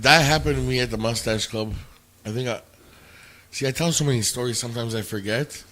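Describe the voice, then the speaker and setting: A man's voice: medium pitch, pushed and bright. A man who works as a bouncer, a guest in casual podcast chat, laid-back and agreeable as he trades his own stories.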